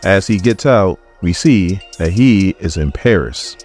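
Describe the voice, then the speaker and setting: A man's voice: deep voice, lively intonation, a little slow, darkish tone, soft background music. A man casually recapping a comic book, jokey and irreverent, with asides to viewers.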